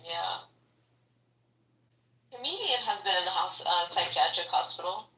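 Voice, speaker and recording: A woman's voice: lowish voice, lively intonation, measured pace, bright, forceful tone, slight background noise. A woman co-hosting a podcast in casual chat, often laughing as she talks. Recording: echoey room, far from mic.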